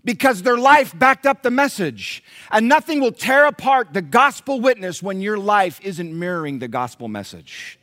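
A man's voice: high-pitched, sharp tone. A male pastor preaching a sermon to his congregation, mixing rhetorical questions with humorous personal stories. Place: church before a congregation.

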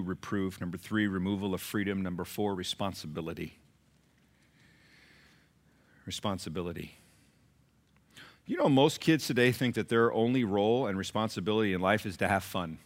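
Emphatic male pastor preaching. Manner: emphatic preaching, swings from loud peaks to low asides; repeats phrases for emphasis. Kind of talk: sermon.

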